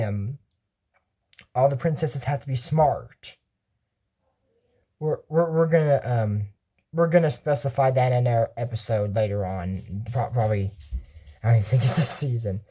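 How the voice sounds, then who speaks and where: A woman's voice: extremely low pitch, a little slow, pauses often, mellow. A woman hosting casual commentary on a cartoon episode, talking in a rambling, digressive way and often correcting herself mid-sentence. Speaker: channel host reviewing a cartoon.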